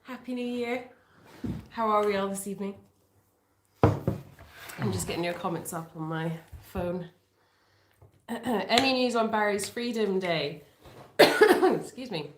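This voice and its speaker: Brief: slow-spoken woman host in an echoey room with clear background noise. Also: mid-range voice. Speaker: sanctuary host. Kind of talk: casual live-stream chat.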